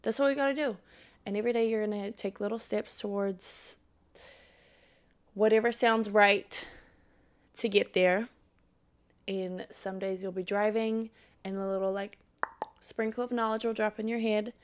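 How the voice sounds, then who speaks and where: A woman's voice: mid-range voice, fairly even intonation, normal speed, long pauses, smooth. A young woman hosting a solo podcast, chatting casually and profanely, then giving a fired-up pep talk. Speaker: podcast host.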